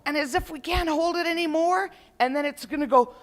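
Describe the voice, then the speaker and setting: A woman instructor leading a live group through laughter yoga at a conference session, playful and quick to laugh as she chants and calls out to the group. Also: high voice.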